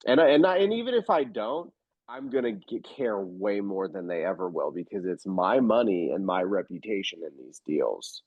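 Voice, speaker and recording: A man with a deep, husky voice speaks at a normal speed as a real estate investor guest in a casual interview. He tells his stories in an animated, emphatic and blunt way. The recording is dry and slightly dull, with no room sound.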